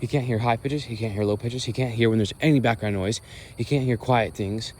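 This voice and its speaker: A man's voice: mid-range voice, a little fast, darkish tone, slight background noise. A young man ranting in exasperation during a walk-and-talk vlog, recorded outdoors at dusk. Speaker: vlogger.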